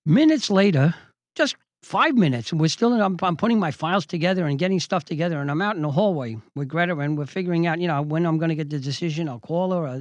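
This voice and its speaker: Recalling his years as a trial lawyer, an older judge hosting the show recounts a courtroom anecdote with gusto, playing out the quoted exchanges himself. The voice is on the high side, and the recording is dry with the highs cut off.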